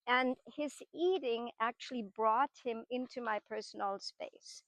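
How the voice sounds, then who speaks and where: A woman's voice: a little high, measured pace, few pauses, a bit bright, no room sound, lo-fi sound. A middle-aged woman horse trainer who explains patiently and often checks in with tag questions as she teaches. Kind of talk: explanatory teaching talk while working horses.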